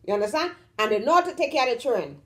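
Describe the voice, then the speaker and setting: Rapid-fire and sing-song, her slightly high voice has a fairly bright tone. The Trinidadian woman hosts a vlog in casual to-camera talk, pressing her points by stretching stressed words and constantly asking "you understand?"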